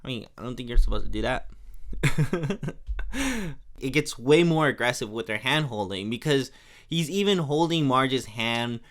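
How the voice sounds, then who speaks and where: A man's voice: mid-range voice, animated, measured pace, fairly bright tone. A young man hosting a podcast, recapping an episode in a casual, rambling, chatty way with plenty of fillers. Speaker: podcast host.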